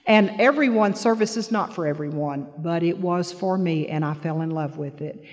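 A woman's voice: on the low side, normal speed. An older woman from the Florida panhandle speaking as a grandmother, telling a personal story to a meeting in an earnest, emotional, plain-spoken way. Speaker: speaker sharing at a recovery meeting. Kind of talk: personal testimony to an audience. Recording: hall reverb.

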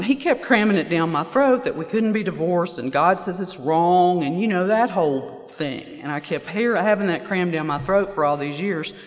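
A woman sharing her personal testimony at a recovery meeting, halting and pausing often with fillers. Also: lowish voice. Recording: reverberant hall.

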